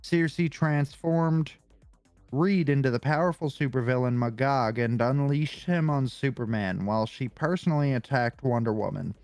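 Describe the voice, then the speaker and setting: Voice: medium pitch, moderate pace, a little mellow, no echo, soft background music. A podcast co-host reading a comic-book character profile aloud, casual and swearing, stumbling over hard names.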